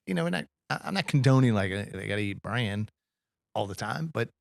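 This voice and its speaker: A middle-aged man rambles through a casual podcast chat, halting and restarting as he goes. His pitch swings widely and his voice has a gravelly fry to it. The recording is dry and close. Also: expressive, dry recording. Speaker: podcast co-host.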